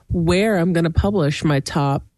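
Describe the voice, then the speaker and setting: A woman co-hosting a podcast in casual chat, talkative, with laughs and quick asides. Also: on the low side, darkish tone, dry recording. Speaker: podcast co-host.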